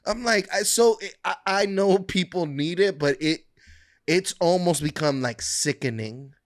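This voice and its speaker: Animated, swearing podcast co-host man. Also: fairly high pitch, measured pace, a little hiss or hum. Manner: animated, swears a lot, laughs often. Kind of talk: casual chat.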